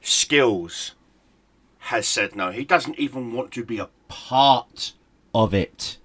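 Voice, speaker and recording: A man's voice: medium pitch, takes it slowly, a bit bright, no room sound. Furious profane man ranting. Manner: profane, heated, sarcastic. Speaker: gaming YouTuber. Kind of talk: angry ranting commentary.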